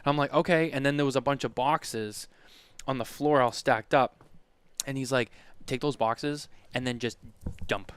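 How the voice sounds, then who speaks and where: A man's voice: mid-range voice, moderate pace, smooth. A man co-hosting a casual podcast chat, telling a long story with many restarts and acted-out quotes. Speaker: podcast co-host.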